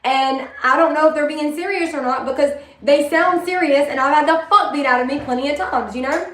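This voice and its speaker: High-voiced woman, candid and rambling. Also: fairly quick, a bit bright. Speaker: vlogger. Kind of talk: personal monologue. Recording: echoey room.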